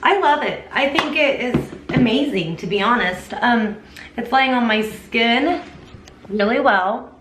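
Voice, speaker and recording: A chatty young woman vlogger with a slightly high voice talks her viewers through a makeup review. She sits a little away from the camera mic in an echoey room, with a faint hiss behind her. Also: animated, measured pace, a bit bright, far from the mic. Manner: chatty, enthusiastic, addresses viewers as "you guys". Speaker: beauty vlogger.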